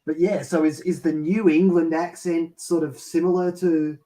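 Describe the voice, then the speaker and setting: A man's voice: a little high, steady tone, moderate pace, warm tone, recorded from a distance, poor audio. Hesitant Australian-raised man chatting. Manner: hesitant, many fillers and restarts, laughs often. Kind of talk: casual chat.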